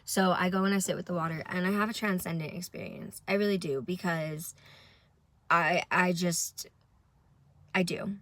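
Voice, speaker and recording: A woman's voice: lowish voice, fairly even intonation, moderate pace, fairly bright tone, dry recording. A young woman, tired from little sleep, telling a rambling, profane story to camera in a casual vlog. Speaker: vlogger.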